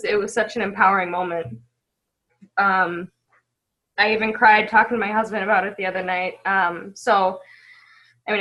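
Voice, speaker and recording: A woman on a video call giving a heartfelt, halting recap of an event from home, stopping often to apologize. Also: medium pitch, fairly bright tone, poor audio. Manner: emotional, halting, tearful at times, apologizes often. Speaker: event attendee sharing a recap.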